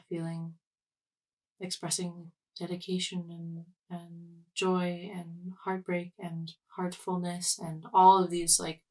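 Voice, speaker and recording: A young woman artist talking through her thoughts, halting and searching for words with many fillers and restarts. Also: on the low side, recorded from a distance, poor audio. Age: young adult. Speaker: artist, podcast guest. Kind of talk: reflective casual conversation.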